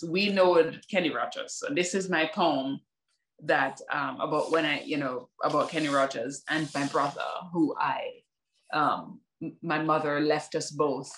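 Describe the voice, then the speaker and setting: A Jamaican woman performing her own spoken word poetry with rhythmic, emphatic delivery and dramatic pauses, breaking off for chatty asides to an unseen online audience. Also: deep voice. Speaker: poet and performer.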